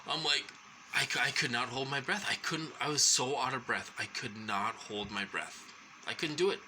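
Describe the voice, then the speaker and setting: Halting man with a very bright voice. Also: medium pitch, a little hiss or hum, rough recording. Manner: halting, full of ums and restarts. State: short of breath at times. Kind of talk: rambling personal monologue.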